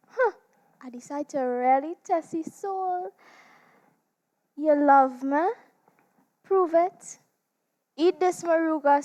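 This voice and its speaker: A high, unhurried Trinidadian voice brings a demon temptress with a cloven hoof to life, as a woman performs her on stage. She savors each slow line with a teasing, theatrical swing between soft and loud. Her menace stays wrapped in playful charm. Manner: teasing, slow and drawn out, big swings in loudness. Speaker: stage performer in a dramatized literature competition. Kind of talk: theatrical dramatic monologue.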